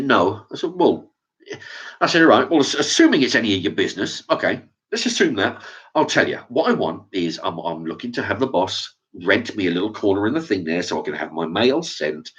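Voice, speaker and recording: Male vlogger, low voice, rambling profane rant, muffled lo-fi recording. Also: a bit bright, slightly rough. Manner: profane, rambling, with stammered restarts. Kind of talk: casual ranting monologue. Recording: dull lo-fi sound.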